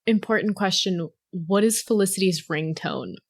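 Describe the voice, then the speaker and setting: A woman's voice: medium pitch, normal speed. A woman playing a tabletop game, playful and joking. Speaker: player. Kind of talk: casual tabletop game play.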